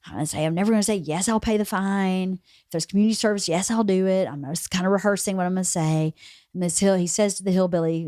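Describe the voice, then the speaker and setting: A woman hosting a podcast, telling a story in a lively, casual way and laughing as she goes. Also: medium pitch, fast talker, dry recording, studio quality. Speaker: podcast host.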